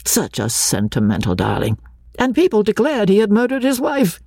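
A woman voicing a gossipy middle-aged clergyman with halting, chattering speech in an audiobook. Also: mid-range voice, huge pitch swings, vocal fry, mellow, breathy edge, no room sound, clean studio sound, pitched above the performer's own voice, full character voice. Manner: chattering, hesitant.

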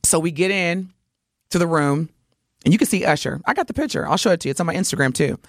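A woman co-hosting a morning radio show, telling a story in lively chat and acting out the voices of the people in it. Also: on the low side, quick pace, no room sound, clean studio sound. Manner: animated, acts out voices while telling a story. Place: radio studio.

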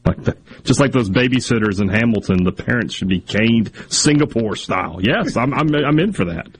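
A man's voice: mid-range voice, animated, moderate pace, a little hiss or hum. A man co-hosting a sports radio show, teasing and laughing in casual banter.

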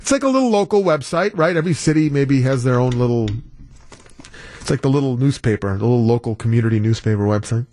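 A man's voice: mid-range voice, expressive, fast, dark tone. A man guest-hosting a talk radio show, telling a story in a wry, incredulous way. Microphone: studio broadcast mic.

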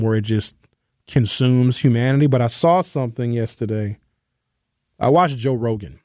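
An opinionated man hosting a talk radio show, talking straight to his listeners in a conversational monologue. His voice sits in a mid range, and he slows right down or rushes ahead to press a point. The studio sound is dry, with no room echo. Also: mid-range voice, mellow. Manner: opinionated, conversational, shifting pace for emphasis.

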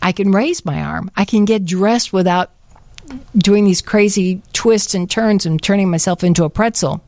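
A woman co-hosting a radio show, telling a personal story in casual chat with animated delivery. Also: mid-range voice, normal speed, dry recording. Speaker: radio co-host.

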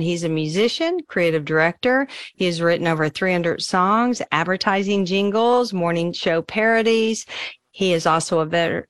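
A woman's voice: lowish voice, a bit bright, smooth, no room sound. A woman hosting a faith-based radio talk show, introducing her guest and asking questions in an encouraging way. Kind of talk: interview hosting.

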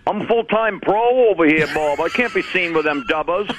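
A man voicing his slovenly middle-aged male cousin, a flat-drawling, deadpan heavy drinker. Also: high-pitched, a little fast, noisy background.

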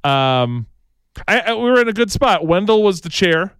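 This co-host's voice sits high, with big pitch swings at normal speed, and sounds bright, clear, and resonant in a recording without room sound. His stories ramble and carry strong opinions, and he keeps adding "right?", restarting lines, and mimicking the people he quotes.

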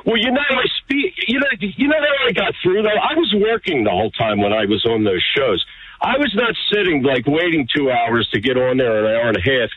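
A man calling in to a talk radio show, telling a story in an animated way and acting out other people's voices. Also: medium pitch, fairly quick, slightly rough. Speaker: caller. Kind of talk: phone-in storytelling. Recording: tinny phone line.

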